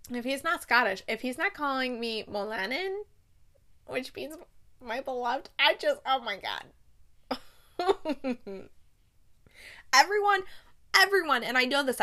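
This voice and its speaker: A woman's voice: fairly high pitch, pushed and bright. A young woman chatting casually about books she has read, gushing and rambling with many fillers and restarts. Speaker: book reviewer. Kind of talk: casual book review chat.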